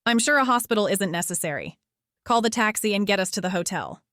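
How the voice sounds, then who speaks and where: A woman's voice: medium pitch, animated, fast, fairly bright tone, no room sound, studio quality, lightly acted. A woman voicing a wounded teenage boy who jokes and reassures in a wry, teasing way. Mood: urgent.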